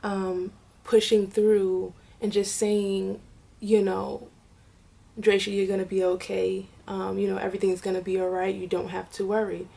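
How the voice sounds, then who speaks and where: A woman's voice: mid-range voice, monotone, gravelly, warm tone. Tearful woman telling a personal story. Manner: halting, many fillers and restarts. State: tearful, crying at times. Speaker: vlogger, mother.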